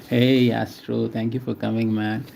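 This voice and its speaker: A gravelly, darkish mid-range voice belongs to an artist streaming a drawing session, who names each stroke and chats with viewers as he works. He keeps a level tone and a measured pace, with slight background noise behind him.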